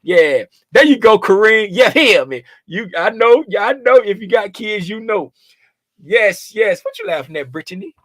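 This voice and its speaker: A man's voice: high-pitched, very animated, unhurried, a bit bright, no room sound, clean studio sound. A man hosting a trading livestream, chatting casually and playfully and greeting viewers by name.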